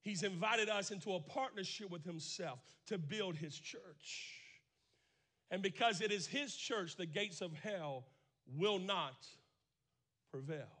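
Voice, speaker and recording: A man delivers a sermon as a pastor, with a high, bright, forceful voice. He swings between quiet, intense passages and shouted declarations. He drives his points home by repeating phrases. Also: measured pace.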